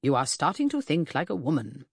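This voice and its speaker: A woman's voice: sits low, sing-song, a little fast, husky, no room sound, clean studio sound, heavily acted. A woman voicing a pompous, pedantic middle-aged male detective in an audiobook, speaking in a lofty, formal, clipped way. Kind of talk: audiobook character reading.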